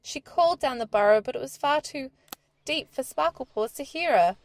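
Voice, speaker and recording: A woman reading a children's storybook aloud in a gentle, expressive storytelling manner. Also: high-pitched, brisk.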